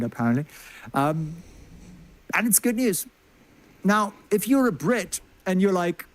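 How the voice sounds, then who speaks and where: A man giving chatty, joking stock market commentary and asking his viewers questions. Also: medium pitch. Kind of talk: livestreamed stock chart commentary.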